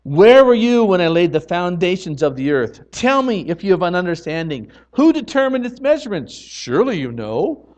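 A man preaching a sermon earnestly, building from quiet moments to loud emphatic passages. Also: high voice, sing-song, normal speed, hardly any pauses. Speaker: pastor.

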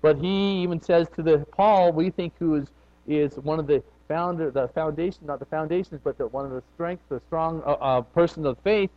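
A man preaching a conversational sermon, his voice rising and falling in loudness and pitch as he speaks. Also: moderate pace. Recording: dull lo-fi recording.

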